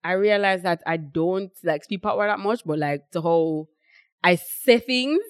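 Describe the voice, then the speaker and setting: A woman's voice: on the low side, unhurried, clean tone, dry recording, clean studio sound. A young woman with a Jamaican accent chatting casually on a podcast, rambling with lots of fillers and quoting what others say. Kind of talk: casual chat.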